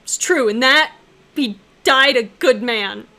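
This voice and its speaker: A woman streamer reacting casually to a visual novel, loud and exclaiming, with swearing and laughter. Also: fairly high pitch, takes it slowly.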